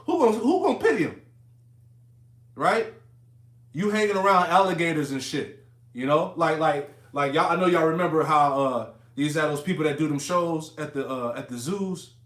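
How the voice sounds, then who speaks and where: A man's voice: fairly high pitch, reverberant. A man giving a casual, profane, emphatic Bible teaching, reading verses and riffing on them conversationally.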